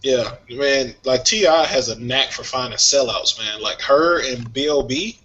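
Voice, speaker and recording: A man on a casual music talk show, airing strong views about artists with lively energy. His tone is bright and forceful, and the recording sounds dull and lo-fi. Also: mid-range voice, unhurried, a little hiss or hum. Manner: opinionated, animated, laughs often. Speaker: podcast co-host.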